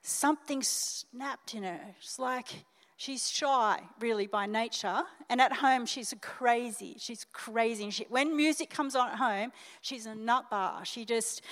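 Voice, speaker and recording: High-voiced Australian woman pastor preaching. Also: a little slow. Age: older. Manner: animated, emotional, talks straight to the congregation. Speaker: senior pastor. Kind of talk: sermon. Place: church hall. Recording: reverberant church hall.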